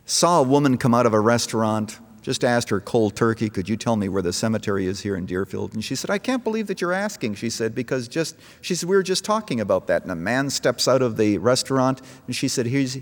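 Preaching in a big hall whose long echo follows every line, this middle-aged pastor goes from easygoing stories to forceful appeals. He talks fairly quickly with few pauses, and his pitch rises and falls dramatically as the intensity grows.

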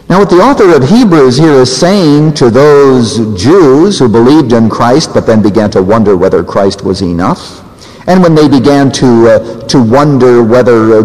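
A man preaching a sermon, acting out quoted voices and swinging his pitch up and down for emphasis. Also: a little mellow. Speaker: pastor. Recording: reverberant hall.

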